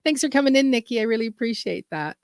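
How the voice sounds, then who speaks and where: A woman's voice: fairly high pitch, lively intonation, fast talker, a little mellow, no room sound, clean studio sound. A woman hosting a gardening channel livestream, chatting casually and rambling as she reads viewer comments aloud.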